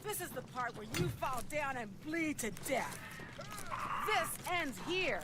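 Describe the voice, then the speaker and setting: A woman's voice: high voice, lively intonation, measured pace, background noise. An actress playing a boastful female guild warrior in a video game, throwing taunts in combat. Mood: taunting. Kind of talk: video game character barks.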